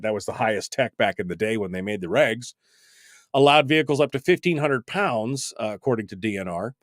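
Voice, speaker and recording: A man's voice: mid-range voice, no room sound, studio quality. A man in his fifties hosting a talk radio show, delivering a wry, exasperated, rambling monologue full of asides. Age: 50s.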